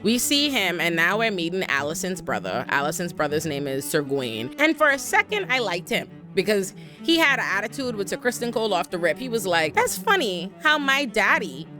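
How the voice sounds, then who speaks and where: Animated, profane woman recapping a TV episode. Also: lowish voice, fairly quick, hardly any pauses, faint music behind. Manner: animated, profane, slangy, acts out characters. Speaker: TV recap vlogger. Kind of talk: casual episode breakdown commentary.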